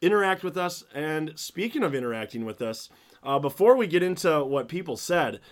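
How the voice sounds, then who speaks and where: A man's voice: on the high side, big pitch swings, moderate pace. A man co-hosting a casual podcast, upbeat and chatty, running through plugs and promos with plenty of fillers. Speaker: podcast co-host.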